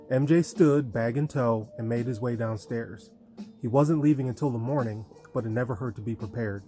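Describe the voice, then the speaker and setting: Man narrating a novel, faint music. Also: mid-range voice. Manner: steady storytelling. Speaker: audiobook narrator. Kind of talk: scripted narration.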